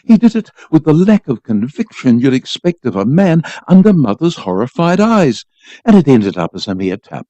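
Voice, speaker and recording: A man's voice: mid-range voice, big pitch swings, normal speed, mellow, dry recording, dull audio. A man reading a short story aloud for a volunteer radio program, telling it expressively.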